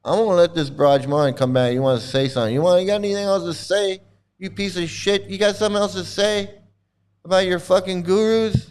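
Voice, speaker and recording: A man's voice: high-pitched, steady tone, brisk, darkish tone, clear, resonant tone. A middle-aged man ranting angrily at a video he is reacting to, abrasive and mocking, swearing constantly. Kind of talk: angry profane rant.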